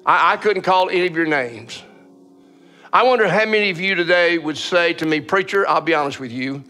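A man's voice: a little high, brisk, pushed and bright, faint music behind. A male pastor preaching a sermon in a church, telling a story with lots of stammered, repeated starts.

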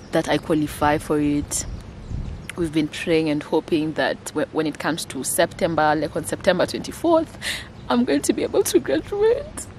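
A woman's voice: sits low, a little mellow, a little hiss or hum. A Kenyan woman in her twenties, talking to camera in a casual vlog, emotional and gushing, repeating her phrases. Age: 20s. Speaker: vlogger.

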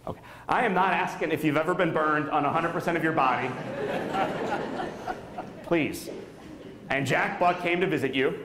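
A motivational speaker in his thirties, from the Saint Louis area, addresses a school auditorium in a slightly high voice at normal speed, pausing often. He tells a dramatic story and quizzes the audience during his inspirational keynote. The background is noisy and the hall sounds echoey.

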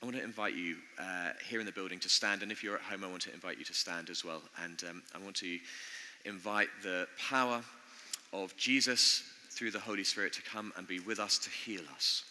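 A man preaching a sermon in an earnest, conversational way, pausing often as he speaks in a church. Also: sits low, fairly even intonation, bright, forceful tone. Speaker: pastor. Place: church building. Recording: long church reverb.

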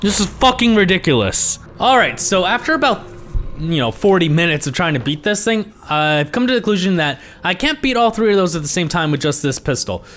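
A man giving let's play commentary as a gaming host, frustrated, swearing constantly and yelling at the game. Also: high-pitched, big pitch swings, fairly quick, soft background music. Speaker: gaming YouTuber.

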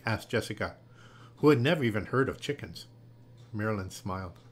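A man gently and expressively reading a children's picture book aloud. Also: lowish voice, expressive, a little fast, slightly rough. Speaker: storyteller.

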